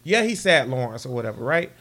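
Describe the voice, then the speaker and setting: A man co-hosting a casual sports chat, animated and teasing, laughing often. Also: mid-range voice, quick pace. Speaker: podcast co-host.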